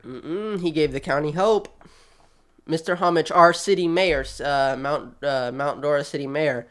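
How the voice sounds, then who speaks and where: A man hosting his channel, giving quick, chatty, animated commentary with a sassy streak, talking straight at the people he discusses. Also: on the high side, clean tone. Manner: quick, chatty, restarts often. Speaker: channel host. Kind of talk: casual video commentary.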